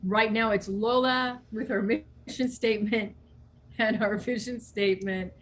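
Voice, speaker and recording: A woman's voice: mid-range voice, fairly even intonation, a little slow, fairly bright tone. A woman pastor speaking at an online church service over a video call, encouraging and repeating her phrases.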